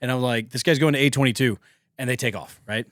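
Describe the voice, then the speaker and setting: A fast-talking man with a medium-pitched voice co-hosts a podcast, telling a story in casual, profane chat. He animatedly acts out what people said. The studio sound is clean, with no room sound.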